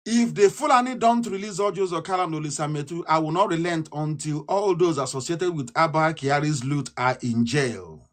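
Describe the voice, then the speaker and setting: A Nigerian man giving a fiery live broadcast speech, ranting and repeating himself, swinging between loud outbursts and low mutters. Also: brisk. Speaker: political broadcaster.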